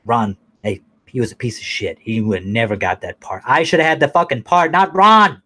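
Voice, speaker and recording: A man ranting casually to camera in a blunt, profane, rambling way, now and then mocking people in a high falsetto. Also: normal speed, sharp tone. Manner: mocks others in high falsetto. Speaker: vlogger.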